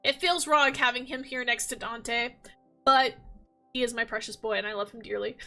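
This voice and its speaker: A woman's voice: on the high side, steady tone, normal speed, bright, forceful tone, soft background music. A woman chatting casually as a gaming vlogger, gushing and rambling with lots of fillers. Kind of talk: casual chat.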